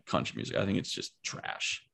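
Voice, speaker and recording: A man's voice: a little fast, a bit bright. A young man co-hosting a podcast, chatting casually and giving blunt, rambling opinions. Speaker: podcast co-host. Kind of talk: casual chat.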